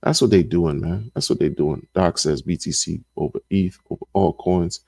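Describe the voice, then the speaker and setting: A man's voice: low voice, normal speed, vocal fry, darkish tone, breathy edge, no room sound, studio quality. A man hosting a casual livestream and reading the chat, talking in an emphatic, slangy way and repeating his points over and over. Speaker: crypto livestream host.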